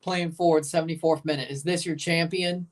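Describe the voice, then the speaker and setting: A woman's voice: low voice, steady tone, brisk, far from the mic. Woman bantering through a live soccer watchalong. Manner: banters with viewers, swears, chants and sings along. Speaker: streamer reacting to a soccer match.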